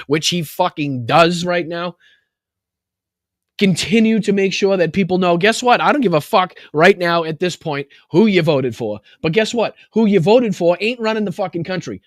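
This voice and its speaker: A man's voice: high voice, dry recording, studio quality. A male political talk show host ranting angrily and mockingly, swearing constantly. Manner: angry, heavy swearing, mocking. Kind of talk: profane political rant.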